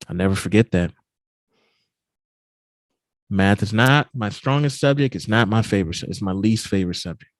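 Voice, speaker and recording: A man giving a keynote at a virtual summit, telling a personal story in an animated, emphatic way. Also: lowish voice, moderate pace, long pauses, no room sound. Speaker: keynote speaker. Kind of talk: storytelling talk.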